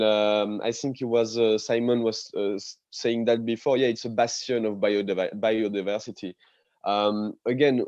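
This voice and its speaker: A man's voice: medium pitch, a little mellow, no echo, highs cut off. A man who is a diving instructor talks as a panelist over a video call, hesitant and full of fillers but enthusiastic.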